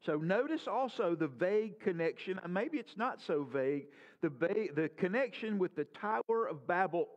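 A male pastor preaching with a high-pitched voice. He poses earnest rhetorical questions, lifting his voice and then letting it sink low. The recording is dull and lo-fi. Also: lively intonation, normal speed. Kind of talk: sermon.

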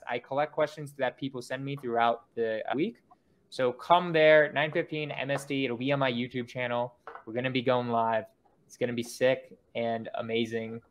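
A young man hosting a podcast, talking in a loose, rambling way with lots of fillers. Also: medium pitch. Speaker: podcast host. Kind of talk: casual podcast chat.

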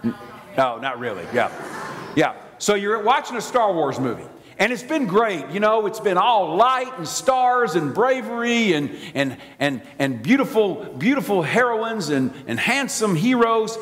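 A man with a Southern American accent from Alabama, preaching a sermon as an animated, theatrical storyteller. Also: high voice, measured pace. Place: large church sanctuary. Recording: long church reverb.

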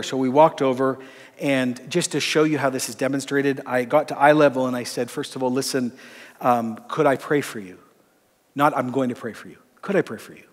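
A man, a pastor, teaching in a conversational sermon style, acting out dialogue from his stories and often dropping to a soft voice. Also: medium pitch, big-room sound. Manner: conversational, acts out dialogue, drops to soft tones. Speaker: pastor and lecturer.

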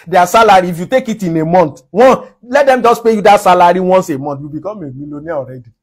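A man from Nigeria delivers a sermon in a fairly high, husky voice. He preaches with strong emphasis and laughs often between his points. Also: brisk.

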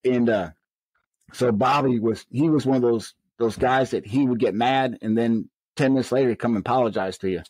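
A man in an interview telling stories from his work as a correctional officer, casual and animated, acting out what people said. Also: medium pitch, fairly quick, no room sound, low-quality recording. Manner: animated, acts out quoted dialogue in raised voices. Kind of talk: conversational storytelling.

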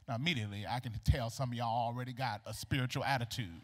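A man preaching a sermon in a church, animated and colloquial, acting out the dialogue of the people in his story. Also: mid-range voice, a little fast. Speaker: pastor. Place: church sanctuary. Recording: long reverb of a large hall.

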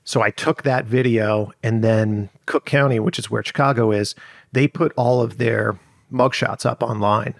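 Gravelly-voiced man telling a story. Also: medium pitch, fairly even intonation, unhurried, dry recording, studio quality. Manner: rambling, lots of fillers and restarts. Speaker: journalist guest. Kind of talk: conversational storytelling.

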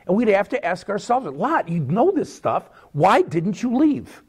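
Male pastor preaching, high voice that jumps all over, keeps asking questions. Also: a little slow, husky. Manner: animated preaching, rhetorical questions, swings between loud and soft. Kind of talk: sermon.

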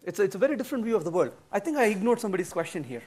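Racing through his material, this middle-aged conference speaker has a very high voice and an animated, emphatic delivery. During a workshop lecture with audience questions in a conference room, he answers bluntly with humor and voices quoted dialogue in different tones.

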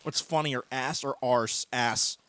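A young man chatting casually while streaming a game, playful and breaking into loud teasing shouts. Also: mid-range voice, slow pace. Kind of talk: casual gaming chat.

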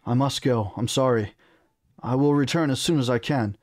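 A man's voice: medium pitch, moderate pace, a little mellow, no echo, studio quality, close to an everyday voice. A man reading aloud and voicing a determined young male prince who gives firm, commanding orders.

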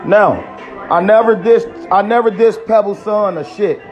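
A man's voice: high-pitched, measured pace, muffled recording, faint music behind. A man with a Chicago accent ranting aggressively on a street vlog, taunting and threatening. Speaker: vlogger. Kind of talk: angry street vlog rant.

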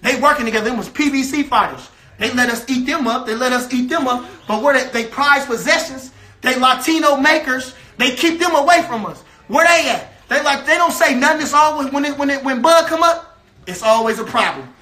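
Guy from a fighter's camp going off, super high bright voice, keeps repeating himself. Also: a little fast. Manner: fiery, repetitive, trash-talking. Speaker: member of a boxer's camp. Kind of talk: heated rant to camera.

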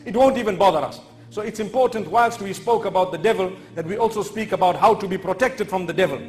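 High-voiced male preacher, emphatic. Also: fairly bright tone. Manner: emphatic, repeats key phrases. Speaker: Islamic preacher. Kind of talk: sermon with humorous storytelling. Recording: echoey lecture hall.

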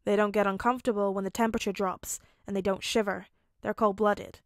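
A woman's voice: mid-range voice, fairly even intonation, fairly quick, dry recording, clean studio sound, lightly acted. Woman playing a stern, commanding father figure. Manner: commanding, then gruffly tender. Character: stern worried man, a teen's father figure.

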